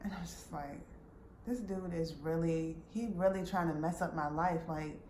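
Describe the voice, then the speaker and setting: Woman, low-ish voice, casual emotional storytelling, lots of fillers, faint background hiss. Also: steady tone, normal speed, warm tone. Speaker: vlogger. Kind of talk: personal storytime. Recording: roomy with faint background noise.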